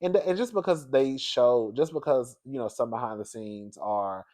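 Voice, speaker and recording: A man hosts a casual pop culture gossip vlog at a moderate pace, animated and chatty. He calls his viewers "girl" and "baby," and his voice leaps into a high, laughing register when he gets excited.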